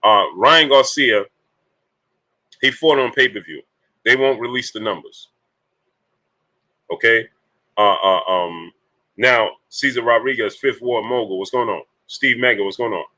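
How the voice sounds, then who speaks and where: A man's voice: medium pitch, moderate pace, long pauses, sharp tone, low-quality recording. A man hosting a casual boxing talk livestream, greeting viewers by name between his points, with many fillers.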